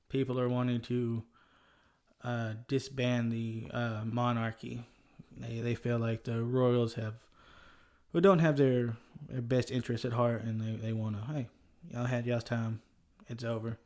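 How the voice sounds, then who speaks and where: A Southern US man hosts a history podcast in a loose, casual way, chuckling often. His voice is mellow and dark, pitched in the middle range for a man.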